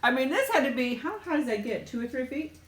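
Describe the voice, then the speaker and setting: A woman's voice: sits high, big pitch swings, fast talker, roomy sound. A woman hosting a casual live chat with viewers while eating. She tells stories in a chatty way and often laughs as she talks.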